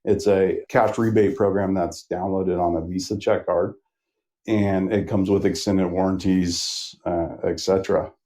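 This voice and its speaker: A middle-aged man with a low voice, warm and mellow in tone. He talks easily as a guest on a trade podcast, wandering through his story with lots of "uh"s and "um"s. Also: unhurried. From Northern California. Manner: relaxed, rambling storyteller with many fillers. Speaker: manufacturer sales rep, guest. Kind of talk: casual podcast interview.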